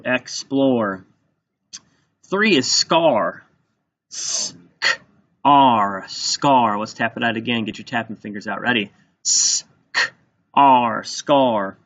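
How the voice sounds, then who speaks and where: Slow, patient male teacher dictating spelling. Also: mid-range voice, a bit bright. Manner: sounds out words slowly and repeats them. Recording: dull lo-fi recording.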